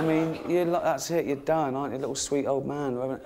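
A man's voice: medium pitch, steady tone, brisk, hardly any pauses, crowd noise. A middle-aged man doing a stand-up comedy routine, cheeky and rambling, often breaking into giggles. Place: comedy stage before an audience. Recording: noisy live stage recording.

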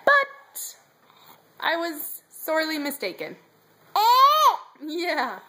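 A woman's voice: high voice, sing-song, very slow, sharp tone. A woman vlogging casually at home about her baby daughter, talking to the camera as a mother. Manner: chatty, coos to her baby. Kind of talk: casual vlog chat.

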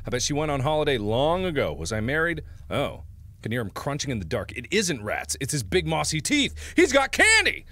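Animated man commenting on a game. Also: medium pitch, brisk, dry recording. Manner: animated, jokey, laughs often. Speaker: let's-play host. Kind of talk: casual gameplay commentary.

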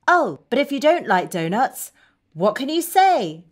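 A woman's voice: a little high, big pitch swings, slow pace, long pauses. A woman teaching children English in a scripted cartoon lesson, talking in an exaggerated sing-song way that coaxes kids to repeat phrases.

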